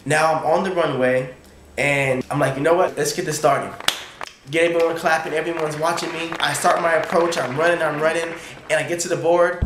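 A man's voice: on the high side, brisk, slight background noise. Young man telling a story, echoey room. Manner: excited, animated retelling with quoted inner thoughts. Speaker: college triple jumper. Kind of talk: casual storytelling vlog.

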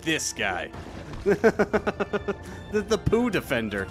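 A man streaming a game live, excitable and laughing often, swinging between loud shouts and low mutters. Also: extremely slow, faint music behind. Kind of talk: live gameplay commentary.

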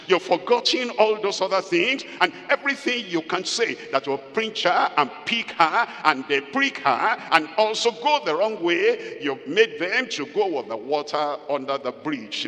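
An older pastor preaches to a congregation, throwing questions at his listeners and acting out what husbands and wives say to each other. His voice is bright and forceful, sitting a little high for a man. It rings with the long reverb of a big hall. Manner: acts out spouses' remarks in little quoted scenes. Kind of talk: sermon. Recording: long echo of a large hall.

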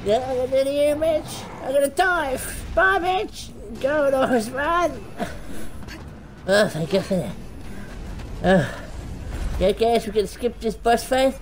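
Woman let's play host, high voice, crude, excitable, constant cursing. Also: takes it slowly, a little hiss or hum, low-quality recording. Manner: foul-mouthed, yelling insults at the game; excitable, frequent panicked outbursts. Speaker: gaming channel host.

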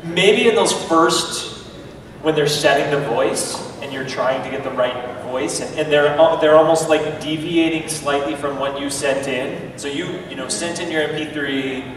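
A man, a voice actor, answering fan questions at a convention panel with animated, laughing storytelling. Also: fairly high pitch, moderate pace, background noise. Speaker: guest voice actor. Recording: echoey hall from far off. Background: crowd.

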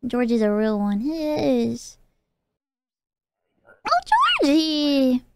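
A woman streaming a video game live, excitable, gasping and squealing. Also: high voice, measured pace, creaky, very noisy.

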